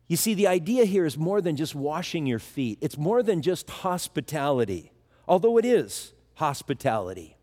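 A man's voice: a little high, sing-song, normal speed, a little mellow, in a large hall. A man preaching a sermon, teaching through a Bible passage in a conversational way and acting out the quoted lines. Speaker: pastor.

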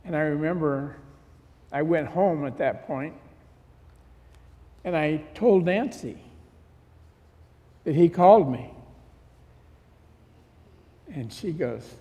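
A man's voice: on the high side, takes it slowly, pauses often, warm tone, long reverb tail. A middle-aged man preaching, telling a personal story in a conversational way and acting out the dialogue he retells. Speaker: pastor. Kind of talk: sermon testimony.

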